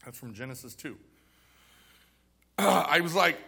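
Bright-voiced joking male pastor. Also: a little high, expressive, slow, vocal fry, pauses often, breathy edge. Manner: conversational, joking, acting out little scenes. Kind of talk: sermon.

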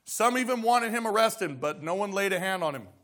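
A male pastor with a fairly high voice delivers a sermon. He reads Bible passages aloud and then unpacks them, often turning to the congregation with direct questions. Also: animated, fairly quick, fairly bright tone.

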